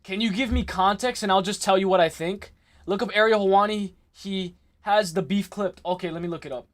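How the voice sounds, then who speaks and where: A young man hosting a livestream in casual chat, excitable and rambling, often repeating himself and saying "like" and "bro". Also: high voice, fairly quick. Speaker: livestream host.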